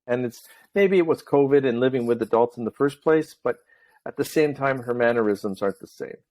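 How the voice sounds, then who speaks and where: A middle-aged man hosting a podcast, telling stories in talkative, animated casual chat. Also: medium pitch, fairly quick. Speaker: podcast host.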